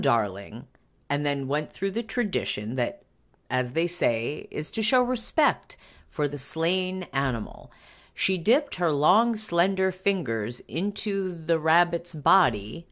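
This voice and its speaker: A woman's voice: low-pitched, a bit bright. A woman hosting a commentary show, reading a news article aloud and breaking off for wry asides. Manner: wry asides and frequent self-interruptions.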